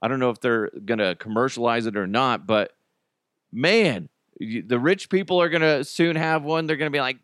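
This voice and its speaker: A man's voice: mid-range voice, normal speed, fairly bright tone, no room sound, clean studio sound. A man hosting a podcast in a casual comedic monologue, joking and often laughing. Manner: jokey, laughs often, restarts. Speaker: podcast host.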